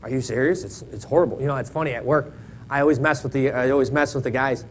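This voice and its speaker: A man in his thirties gives a casual, joking sermon from a church pulpit. He talks in a folksy way and keeps checking in with "right?". A faint low rumble sits under the recording. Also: steady tone, fast talker, low-quality recording. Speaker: church member preaching. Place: church sanctuary.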